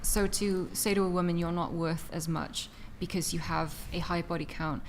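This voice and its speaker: A woman from Wales with a received pronunciation British accent, a guest on a casual podcast panel, soft-spoken and giggly, hedging often. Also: lowish voice, steady tone, moderate pace, a little hiss or hum.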